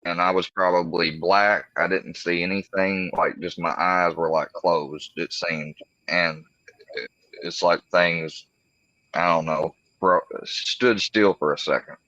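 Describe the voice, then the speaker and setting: A man with a very low, bright, forceful voice, talking in a halting, rambling way on a casual livestream panel. The recording is dry and a little dull and lo-fi. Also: fairly even intonation, no room sound.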